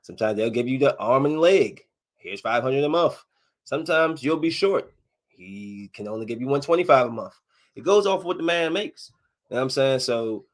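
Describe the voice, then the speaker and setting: On his casual one-man podcast, the host tells jokey, slang-filled stories. He laughs a lot and moves back and forth between booming outbursts and muttering under his breath.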